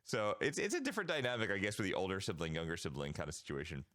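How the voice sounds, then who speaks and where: A man's voice: deep voice, big pitch swings, rapid-fire, fairly bright tone, dry recording, clean studio sound. A man co-hosting a podcast, telling rambling, loose stories full of fillers in casual chat. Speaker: podcast co-host.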